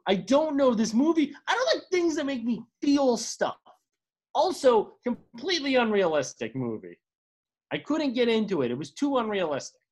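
A man's voice: very animated, darkish tone. A man co-hosting a casual movie podcast, ranting with sarcastic exasperation and swearing. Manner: rapid pitch swings, sarcastic. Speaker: podcast co-host. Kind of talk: casual movie-review chat.

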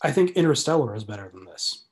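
A man co-hosting a podcast, discussing films in a measured, hesitant way with frequent restarts, over a remote call. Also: mid-range voice, very animated, a little hiss or hum. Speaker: podcast co-host. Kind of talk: casual film discussion.

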